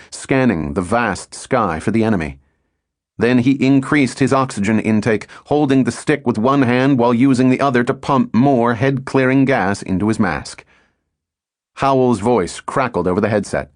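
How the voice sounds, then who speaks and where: A man narrates an audiobook in a steady storytelling manner. His voice sits at a middle pitch for a man. The recording is close and dry, with no room sound. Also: no room sound. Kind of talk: scripted narration.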